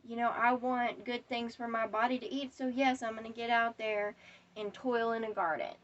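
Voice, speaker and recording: A woman's voice: a little high, steady tone, normal speed, recorded from a distance, dull audio. A woman delivering a defiant, profane rant straight to camera. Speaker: vlogger. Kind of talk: angry monologue to camera.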